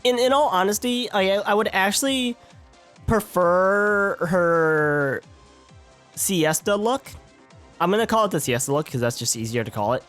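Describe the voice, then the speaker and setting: A man's voice: high voice, animated, a little fast, a bit bright, soft background music. A man streaming a game live, chatting casually, stumbling over words and joking with his chat.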